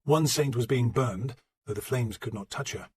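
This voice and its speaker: A man narrating an audiobook in a measured, steady storytelling manner. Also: mid-range voice, slight background noise. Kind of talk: scripted narration.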